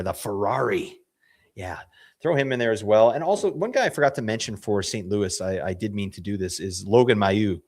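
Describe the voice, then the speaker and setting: Hoarse man talking fantasy hockey. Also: lowish voice, a little mellow. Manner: rambling, self-correcting, slangy. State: losing his voice. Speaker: fantasy hockey show host. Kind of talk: casual analysis chat.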